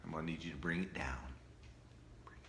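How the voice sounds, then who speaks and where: A man's voice: rumbling low, fairly even intonation, fairly quick, vocal fry, background noise. Jokey man lecturing in an echoey room. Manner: jokey, peppers points with "right?". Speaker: presenter of a live online talk. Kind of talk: casual live-stream lecture.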